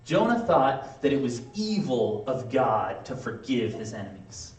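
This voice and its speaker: A man preaching a sermon in a casual, conversational way, acting out quick playful asides. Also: mid-range voice, very animated, darkish tone, slight background noise. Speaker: pastor. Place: church sanctuary. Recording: echoey room, mic from a distance.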